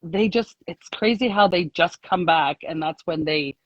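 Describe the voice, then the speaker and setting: A woman's voice: lowish voice, unhurried, dry recording, highs cut off. A woman guest on a casual live call, telling her story in a chatty, rambling way, full of "like"s and laughter. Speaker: guest sharing a success story.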